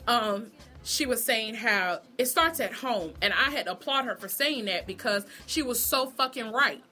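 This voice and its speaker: A woman's voice: fairly high pitch, lively intonation, moderate pace, sharp tone, soft background music. A woman vlogger giving a blunt, profane, sassy opinion monologue about a TV show, laughing often.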